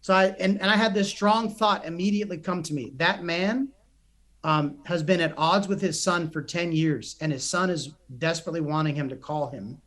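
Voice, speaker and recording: Talking at a normal speed with a fairly high pitch, a young man tells stories as a guest on a podcast. A psychotherapist and coach, he comes across as animated and earnest, with many restarts.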